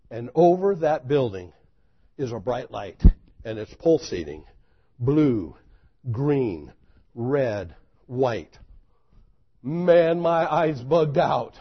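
A man preaching a sermon, telling a story dramatically, swinging from loud exclamations to hushed intensity. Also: mid-range voice, slightly rough, lo-fi sound.

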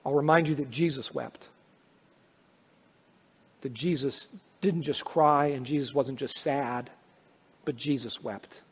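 A male pastor preaching a sermon, swelling to loud, high peaks and then dropping to soft, quiet lines. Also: steady tone, slow pace, long pauses, husky. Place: church sanctuary. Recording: long hall reverb.

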